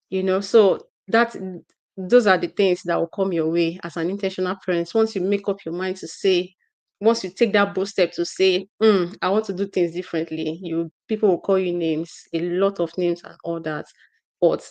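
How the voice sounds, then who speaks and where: A middle-aged woman speaks as a parenting coach in a live session. Her pitch sits mid-range for a woman. She talks earnestly, restarting and repeating phrases as she preaches to parents.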